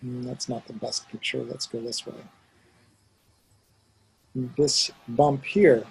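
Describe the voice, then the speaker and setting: A man's voice: mid-range voice, fairly even intonation, slow pace, gravelly, a little mellow, a little hiss or hum, rough recording. A man teaching a student one-on-one, patiently explaining and demonstrating sounds aloud. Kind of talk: one-on-one pronunciation lesson.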